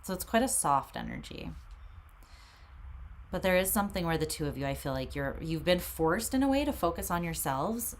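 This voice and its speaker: Soft-spoken low-voiced woman reading tarot. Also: lively intonation, moderate pace, slight background noise. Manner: soft, meandering, reflective. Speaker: tarot reader. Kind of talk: casual intuitive tarot reading.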